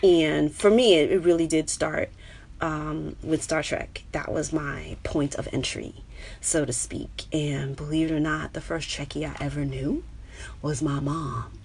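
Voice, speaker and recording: A woman with a New York accent, a stand-up comedian chatting casually with viewers on her own live stream, animated, with her voice jumping high when she gets excited. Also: measured pace, creaky, husky. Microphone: webcam or phone on a live stream.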